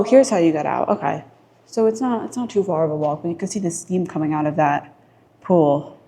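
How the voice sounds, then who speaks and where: A woman's voice: fairly low pitch, dark tone. A woman touring a resort on camera as a vlogger, chatting casually and exclaiming at what she sees while she walks through the rooms. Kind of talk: casual walk-through vlog narration. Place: indoor resort spaces while walking.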